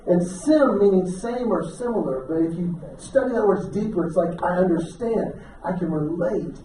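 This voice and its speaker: A man doing a stand-up comedy set, telling folksy stories and throwing quick questions to the audience. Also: high-pitched, lively intonation, mellow, a little hiss or hum. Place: banquet hall with a live audience. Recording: roomy distant audience recording. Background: audience laughter.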